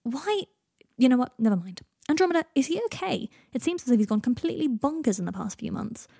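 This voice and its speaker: A woman's voice: high voice, very animated, fast talker, creaky, mellow, breathy edge, dry recording, clean studio sound, pitched above the performer's own voice, heavily acted. Woman reading as Harry, a blunt young wizard. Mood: exasperated. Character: earnest, gruff young wizard man.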